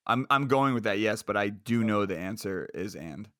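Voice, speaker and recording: A man's voice: fairly low pitch, lively intonation, normal speed, fairly bright tone, no echo, studio quality. A man co-hosting a casual podcast, laughing a lot and ribbing his friends. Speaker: podcast co-host.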